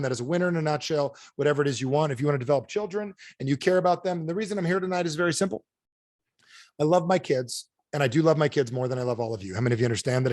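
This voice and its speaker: A man speaking to a group on a video call like a motivational coach. His delivery is rapid and relentless, with a fairly high voice. The sound is close and dry, with no room echo. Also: a little mellow. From United States. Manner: punchy, repetitive rhetorical questions. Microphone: close mic on a video call.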